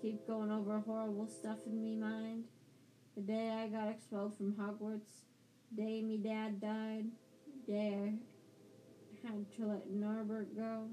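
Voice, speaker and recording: A woman's voice: mid-range voice, completely flat delivery, slow pace, mellow, slight background noise, close to an everyday voice, poor audio. Woman reading as a mournful giant gamekeeper. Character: gloomy giant gamekeeper man, tearful.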